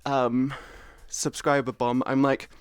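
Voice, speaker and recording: A young woman chatting casually to her stream audience, expressive and excitable, swearing freely. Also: extremely low pitch, slow pace, clean tone, no echo. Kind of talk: casual live-stream chat.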